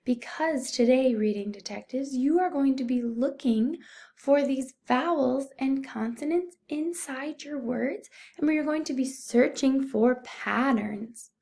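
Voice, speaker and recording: A young woman teacher giving a recorded phonics lesson to young children, speaking slowly and clearly, patient and encouraging. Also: sits high, darkish tone. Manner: slow, clear, patient teaching voice, addressing "boys and girls". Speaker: first-grade teacher.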